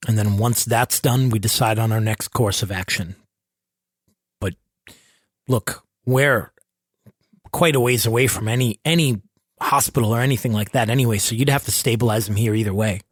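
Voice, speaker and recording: A man playing a tabletop game, reasoning hesitantly with restarts and a somewhat husky voice. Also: fairly low pitch, normal speed, long pauses, no room sound, clean studio sound. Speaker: player.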